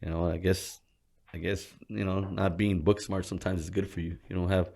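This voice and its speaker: A man with a low voice and a gravelly edge to it, recounting his past in a casual interview. He talks in loose, profane street slang and gets animated as he tells it. It sounds like a relaxed sit-down conversation. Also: a little fast. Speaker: gym co-owner, interview guest.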